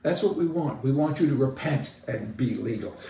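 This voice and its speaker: A man's voice: mid-range voice, lively intonation, moderate pace, creaky, warm tone, slight background noise. A man giving an opinionated, folksy monologue as a commentator, sarcastic and emphatic. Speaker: political commentator. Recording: roomy, distant mic.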